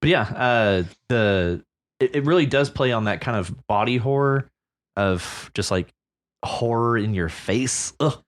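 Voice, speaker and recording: A man's voice: medium pitch, expressive, unhurried. A man co-hosting a podcast, musing casually about a story with plenty of fillers and restarts. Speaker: podcast co-host discussing a story. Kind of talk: casual book-club chat.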